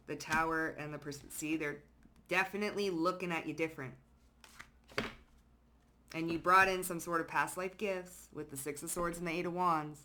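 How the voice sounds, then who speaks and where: A young woman runs through a tarot reading in casual, slangy speech full of cursing and emphasis. Her voice sits a bit low, with a bright, forceful edge. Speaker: tarot reader.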